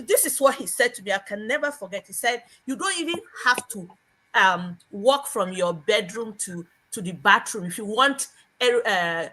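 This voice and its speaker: A woman's voice: medium pitch, lively intonation, moderate pace, sharp tone, low-quality recording. A woman from Nigeria, a panelist on a live show, telling a personal story expressively and laughing along the way. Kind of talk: casual storytelling.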